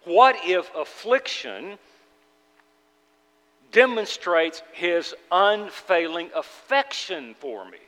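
Male preacher, high voice, earnest and halting, long hall reverb. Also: sing-song, fairly bright tone. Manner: earnest, halting with repeated restarts. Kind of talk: sermon.

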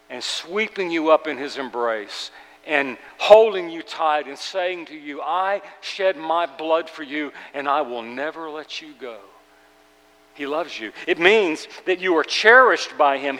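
A man preaching a sermon to his congregation, earnest and urgent, swinging between loud emphasis and hushed tenderness. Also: fairly high pitch, long reverb tail, poor audio. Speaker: pastor. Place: church sanctuary.

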